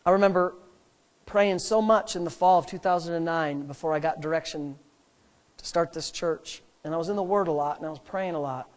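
Pastor preaching a sermon, building emphasis. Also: male voice, on the high side, fairly quick. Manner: preaching with rising emphatic repetition.

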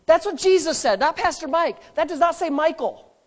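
An animated male pastor preaches at normal speed inside a church sanctuary. He delivers emphatic loud bursts, then drops into low asides that include jokes.

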